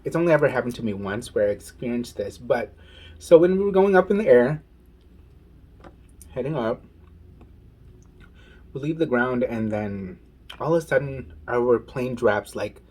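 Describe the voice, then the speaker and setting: A man vlogging while eating, telling a story in a casual, animated way and saying "y'all". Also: mid-range voice, moderate pace, pauses often, breathy edge. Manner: animated, says "y'all" and "oh my goodness". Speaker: mukbang vlogger.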